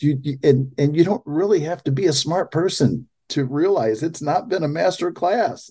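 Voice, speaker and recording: A man's voice: on the high side, very animated, mellow, breathy edge. A man hosting a political commentary show, talking in an incredulous way and often restarting his sentences. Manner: incredulous, halting with repeated restarts. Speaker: podcast host.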